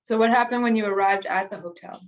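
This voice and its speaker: A woman's voice: mid-range voice, fast, lo-fi sound. Woman asking prompting interview questions.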